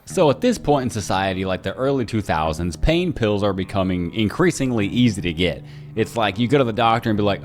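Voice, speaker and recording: A young man casually telling stories from his childhood, talking loosely with lots of slang and acting out quoted people in higher voices. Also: expressive, fast. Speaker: podcast storyteller. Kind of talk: casual personal storytelling.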